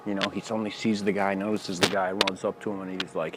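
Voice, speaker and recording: A man giving a casual spoken lecture outdoors near train tracks, telling stories in a relaxed, rambling way. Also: low-pitched, quick pace, hardly any pauses, heavy background noise. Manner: relaxed, rambling, many fillers. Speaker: spiritual lecturer.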